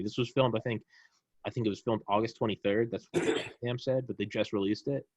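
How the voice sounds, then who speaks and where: A man in casual talk, telling a story fast and excitably, with frequent swearing. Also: on the low side, no room sound, lo-fi sound. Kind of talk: casual chat.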